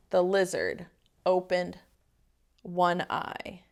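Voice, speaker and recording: A young adult woman, a preschool teacher, reading a picture book aloud to small children with an animated, expressive manner. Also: lowish voice, drawn-out words, creaky, long pauses.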